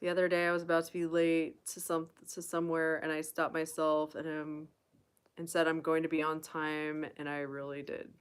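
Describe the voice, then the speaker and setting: Chatty young woman on a live q&a, bit low voice, quick asides, reads comments out. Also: level tone, smooth. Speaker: livestream host. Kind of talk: casual live Q&A chat.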